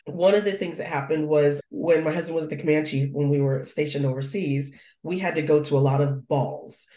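Animated storyteller woman in a roomy space. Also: low voice, a little fast. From United States. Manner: animated storyteller, acts out her own thoughts. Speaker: guest. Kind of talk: telling a family story. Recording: roomy echo.

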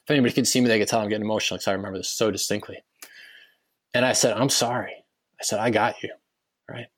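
A man's voice: fairly low pitch, fairly even intonation, racing. Earnest man telling a personal story. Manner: earnest, emotional, repeats words. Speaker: podcast guest. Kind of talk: storytelling in a podcast interview.

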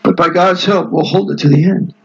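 A man's voice: high voice, fairly even intonation, a little fast, gravelly, muffled recording. A man reading as a defiant devout reformer. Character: defiant male church reformer, firm and devout.

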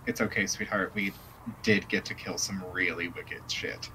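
A man doing a quiet, wry, easygoing woman. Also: low voice, steady tone, moderate pace, slight background noise, rough recording. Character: warm, wry older-sister woman, storyteller to girls.

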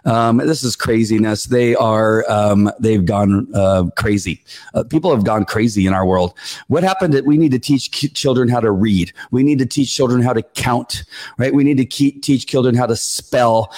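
A man's voice: mid-range voice, normal speed, darkish tone. A man giving a rambling, heated speech, ranting bluntly with many fillers and restarts while he gets sweaty and worked up. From California. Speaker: political speaker. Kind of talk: rally speech.

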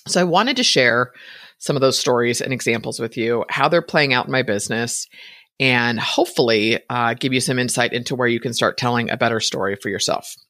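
A woman's voice: very deep voice, animated, a little fast, fairly bright tone, no room sound, studio quality. A middle-aged woman hosting a podcast, talking casually and chattily, laughing often and checking in with "right?". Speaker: podcast host. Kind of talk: casual solo talk.

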